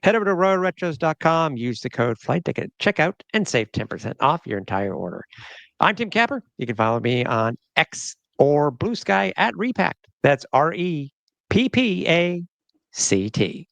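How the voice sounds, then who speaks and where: Middle-aged guy hosting a podcast, gravelly, dry close mic, jokey and rambly. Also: a little high, big pitch swings, normal speed, fairly bright tone, no room sound. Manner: joking, rambling, laughs often. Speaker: podcast host. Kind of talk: casual podcast chat.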